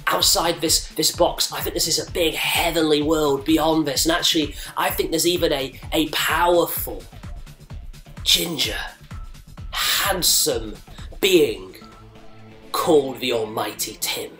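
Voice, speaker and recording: A man voicing Bill, a microscopic male being who earnestly insists there is a bigger world outside his own, in a hushed voice. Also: on the high side, unhurried, echoey room, faint music behind.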